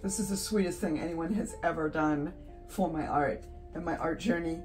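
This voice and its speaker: A woman's voice: deep voice, moderate pace, a little mellow, recorded from a distance, soft background music. A woman hosting her art channel, chatting casually and giddily from her home studio while she paints, laughing often.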